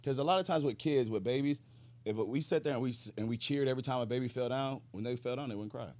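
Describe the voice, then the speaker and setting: A man's voice: mid-range voice, fast talker. A man in his thirties, a retired football player, chatting as a guest on a podcast, swearing freely and laughing through his stories. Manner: loose storyteller, swears freely, laughs mid-story. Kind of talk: casual podcast conversation.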